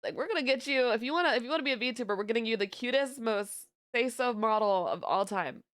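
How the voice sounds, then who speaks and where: A young woman VTuber chatting casually on stream, telling stories in an animated, giggly way and sounding tired. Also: fairly high pitch, quick pace.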